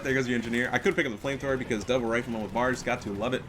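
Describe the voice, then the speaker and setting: A man casting a game replay, excitable and profane, full of trash talk. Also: mid-range voice, rapid-fire, hardly any pauses, a little hiss or hum. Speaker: gaming commentator. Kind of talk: casual replay commentary.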